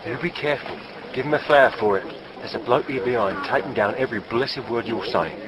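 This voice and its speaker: A gruff bystander calls out a warning in an ordinary mid-pitched voice. A man acts him out. The audiobook recording is thick with loud noise. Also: fairly quick, lightly acted.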